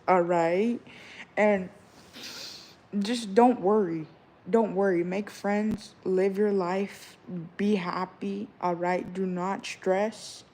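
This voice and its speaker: With a little background noise behind her, a chatty vlogger in her twenties gives advice and stories directly to her audience. Her voice is mid-range, and her loose, rambling talk keeps circling back to "all right?" and "you know."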